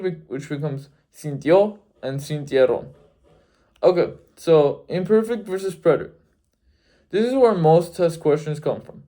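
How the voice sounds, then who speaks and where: A man's voice: on the high side, mellow. A young man giving a last-minute grammar review, methodically listing verb endings and spelling them out letter by letter. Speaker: Spanish tutor. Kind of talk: exam review lesson.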